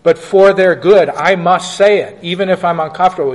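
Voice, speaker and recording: A man's voice: high voice, a little fast, in a large hall. A male pastor answering questions in a church class, emphatic and joking.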